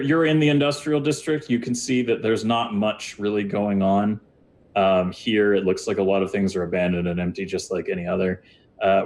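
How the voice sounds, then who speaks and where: A man's voice: on the low side, a little mellow, a little hiss or hum. A man narrating a tabletop game as game master, rambling with many fillers and restarts.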